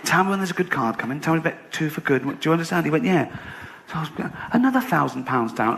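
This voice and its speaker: This middle-aged English comedian speaks fast and fairly high, with big swings in pitch, vocal fry and a slightly bright tone. His stand-up set is sardonic and mock-boastful, and he performs the quoted voices of his characters. It was recorded live on stage, with the audience laughing throughout.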